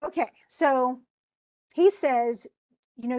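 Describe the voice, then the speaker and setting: A woman teacher with a fairly high voice talks through a play in a relaxed, chatty way. She wanders off onto side topics. She keeps translating old phrasing into simple modern words. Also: moderate pace. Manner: chatty and digressive, paraphrasing old text into plain words. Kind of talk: informal lesson explaining a play.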